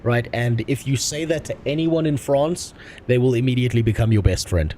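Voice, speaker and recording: A young adult man streaming a game, chatting casually in a rambling way with crude deadpan jokes. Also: mid-range voice, brisk, a little hiss or hum. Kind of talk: casual chat while gaming.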